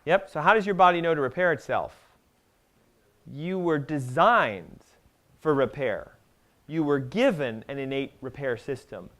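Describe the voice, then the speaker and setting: A man giving an animated health seminar to a live audience, talking fast and emphatically and firing questions at the room. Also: on the high side. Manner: emphatic, rapid-fire, asks the audience questions.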